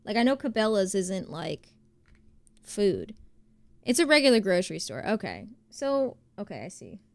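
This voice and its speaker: A young woman from New Jersey chats with her stream viewers in a loose, rambling way, full of "like"s and tangents. Her voice sits at an ordinary middle pitch and is recorded close and dry. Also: very animated, normal speed, creaky, no room sound. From New Jersey, USA. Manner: chatty, rambling with many fillers. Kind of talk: casual chat reading viewer messages.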